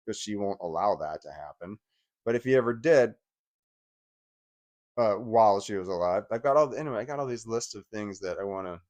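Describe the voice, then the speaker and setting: A man in his forties giving an angry, profane personal rant, often stumbling and restarting his sentences. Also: on the low side. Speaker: vlogger.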